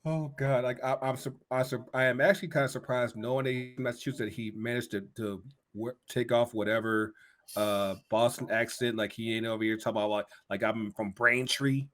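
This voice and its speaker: A man's voice: medium pitch, little pitch movement, brisk. A man hosting a podcast in casual chat, often repeating words and laughing. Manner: laughing, stammering, riffing. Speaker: podcast host.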